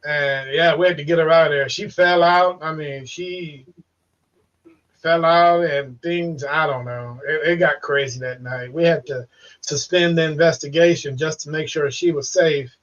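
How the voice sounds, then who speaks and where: Higher-voiced man on a dull distant line. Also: fairly even intonation, measured pace, fairly bright tone. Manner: swearing, rambling, repeats words. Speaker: paranormal investigator and podcast guest. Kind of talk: casual chat. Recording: dull distant call audio.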